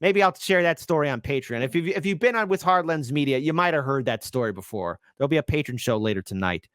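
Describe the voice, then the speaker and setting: A male host talks over news clips in a lively, swooping voice. He mocks what he hears and sometimes breaks into shouts. The sound is close and dry, with no room around it. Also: a little high, fast, no room sound. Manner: animated and mocking, with shouted bursts.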